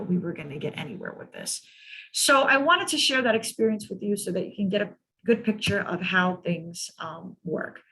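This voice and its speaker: Husky-voiced woman telling a case story. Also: mid-range voice, fairly bright tone. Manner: emphatic, repeats words for stress. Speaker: mental health clinician presenting to colleagues. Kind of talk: storytelling in a training presentation. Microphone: video call.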